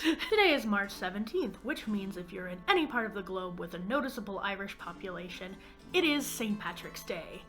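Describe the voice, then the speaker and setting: A woman's voice: medium pitch, expressive, normal speed, fairly bright tone, faint music behind. A woman hosting an educational vlog, explaining an anthropology topic with self-mocking, nitpicking asides. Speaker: anthropology video creator.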